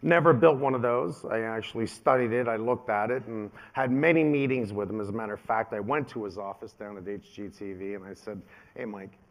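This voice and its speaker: Animated man in his fifties telling stories. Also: lowish voice, a little fast. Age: 50s. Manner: animated storyteller, acts out quoted voices. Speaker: keynote speaker. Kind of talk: storytelling keynote speech.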